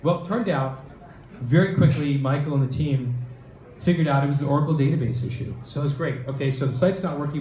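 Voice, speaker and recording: A man giving a conference talk, telling an animated startup story and acting out the quoted voices. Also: medium pitch, a little hiss or hum. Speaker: venture capitalist speaker. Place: event hall. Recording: roomy hall with faint ambience.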